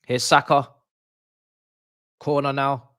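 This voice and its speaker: A young man, doing excited, slangy live commentary for a football watch-along stream, repeating himself as he reacts. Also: medium pitch, takes it slowly, clean tone, dry recording, studio quality.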